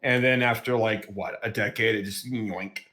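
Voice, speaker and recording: A man's voice: lowish voice, steady tone, moderate pace, pushed and bright. A man co-hosting a casual podcast chat, telling stories animatedly and acting out quotes in different voices. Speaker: podcast co-host.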